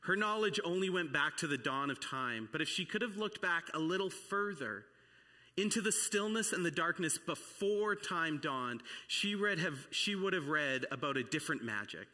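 A man voicing a majestic male lion king in a read-aloud storybook, speaking slowly and gravely, with a long reverb behind him. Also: a little high, expressive, bright, forceful tone. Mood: solemn. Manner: slow, grave and deliberate. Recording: long reverb of a large hall.

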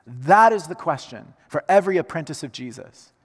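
Man preaching, slightly high voice, hushed then emphatic, echoing hall. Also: animated, breathy edge. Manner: swings from hushed and slow to loud, emphatic preaching. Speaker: pastor. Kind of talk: sermon. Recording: reverberant hall sound.

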